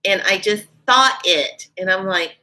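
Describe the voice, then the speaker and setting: A woman vlogger casually telling a personal story, her voice leaping up when she quotes herself. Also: unhurried. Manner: animated, jumps high in pitch when quoting herself. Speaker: spiritual vlogger.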